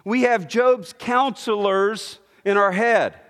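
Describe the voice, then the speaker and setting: In this sermon, a man with a high, slightly bright voice earnestly teaches scripture at a slow, deliberate pace. He keeps restarting phrases on his way to a point, and a long reverb makes his voice ring as though in a large church hall.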